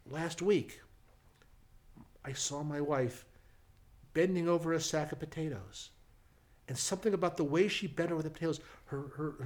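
An earnest elderly husband at confession, as a man puts him on, hushed and halting. He talks low and soft, stumbling as he owns up. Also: close to an everyday voice.

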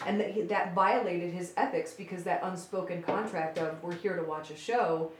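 A woman stage magician chatting casually as a podcast guest, telling stories with lively acted-out voices. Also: fairly low pitch, normal speed. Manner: animated storyteller who acts out quoted voices. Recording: roomy with faint background noise.

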